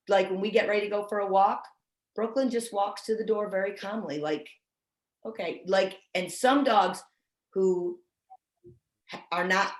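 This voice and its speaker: A woman's voice: mid-range voice, roomy sound, rough recording. A woman training service dog owners over a video call, chatty and self-deprecating, often restarting her sentences. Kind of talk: casual online training talk.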